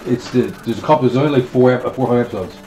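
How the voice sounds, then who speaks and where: A man's voice: mid-range voice, rapid-fire, mellow, slight background noise. A man with a Newfoundland accent chatting casually on a game stream, often repeating words as he starts a sentence. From Newfoundland, Canada. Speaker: guest co-host. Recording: echoey room with game music.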